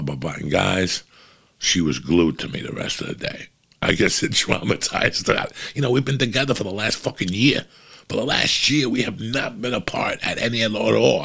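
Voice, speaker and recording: A man's voice: medium pitch, vocal fry, fairly bright tone, husky. A man, a comedian telling a long story in a profane, rambling, casual way.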